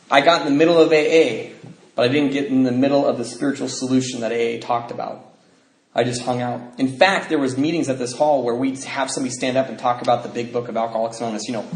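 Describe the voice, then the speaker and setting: Animated man telling stories in an echoey hall. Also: medium pitch. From Pacific Northwest of the US. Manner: animated, mimics people in his stories, laughs often. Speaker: speaker at a recovery convention. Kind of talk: storytelling talk to an audience. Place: convention hall. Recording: echoey hall, faint noise.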